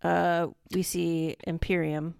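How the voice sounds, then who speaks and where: A woman's voice: lowish voice, level tone, slow, creaky, darkish tone, clean tone, dry recording, studio quality. A woman co-hosting a podcast in casual chat, giggly and easily amused. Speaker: podcast co-host.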